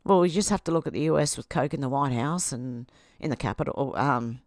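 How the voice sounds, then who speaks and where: A woman's voice: rumbling low, a little fast, darkish tone, dry recording, clean studio sound. An Australian woman hosting a livestream, reading social media posts aloud and answering them with sarcastic asides. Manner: sarcastic, talks back at posts. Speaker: livestream host.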